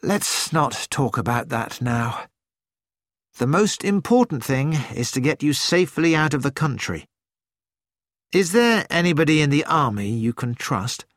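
A man reading a steady young pilot. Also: fairly high pitch, a little slow, no echo, clean studio sound. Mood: grim. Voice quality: steady, grim. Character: young male pilot, calm loyal friend.

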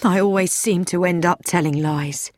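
A woman's voice: lowish voice, moderate pace, a little mellow, no room sound, clean studio sound, lightly acted. A woman reading an audiobook, voicing a sad, anxious young man who pleads and pities himself. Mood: pleading. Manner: pleading, self-pitying.

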